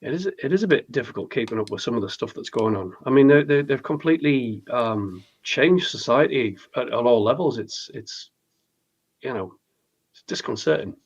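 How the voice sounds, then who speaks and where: A man's voice: medium pitch, expressive, moderate pace, breathy edge, lo-fi sound. A British man co-hosting a casual chat, easygoing and mildly teasing. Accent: British English. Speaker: co-host.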